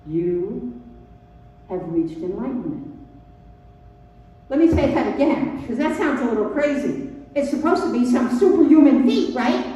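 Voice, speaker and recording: High-voiced woman preaching in echoey hall. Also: mellow. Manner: emphatic, repetitive, acts out inner dialogue. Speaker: spiritual teacher. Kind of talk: spiritual talk to a congregation. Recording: echoey hall from far off, dull sound.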